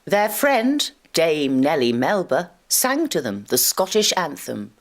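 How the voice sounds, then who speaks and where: A woman narrating a local history documentary in a measured, storytelling way. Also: low-pitched, sing-song.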